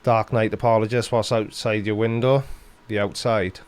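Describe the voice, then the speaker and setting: Answering viewer questions in turn, this Welsh man chats on a live stream with dry sarcasm and frequent laughter. His fairly low voice moves little in pitch and sounds smooth at a normal speed.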